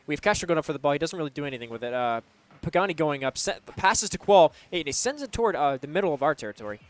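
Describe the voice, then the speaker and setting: Excitable young man calling a college game. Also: fairly high pitch, very fast. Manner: excitable, loose, filler-heavy. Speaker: college esports caster. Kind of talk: play-by-play commentary.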